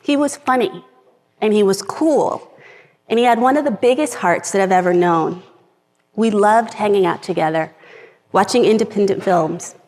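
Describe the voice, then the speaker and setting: Speaking at normal speed in a mid-range, somewhat mellow voice, a middle-aged woman reads a heartfelt personal talk from a script before a live audience. She is earnest and occasionally emotional, and the sound carries the long reverb of a big hall.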